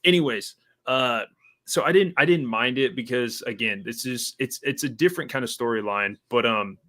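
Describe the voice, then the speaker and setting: A man's voice: medium pitch, moderate pace. A young man chatting casually as podcast host, swearing a lot and mocking lines in exaggerated voices. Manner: profane, animated, mocks film lines in exaggerated voices. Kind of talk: casual chat.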